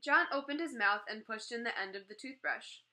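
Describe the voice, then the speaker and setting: A woman reading a children's chapter book aloud, gently voicing the characters as she goes. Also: fairly high pitch, a little fast, low-quality recording. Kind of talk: read-aloud storytelling.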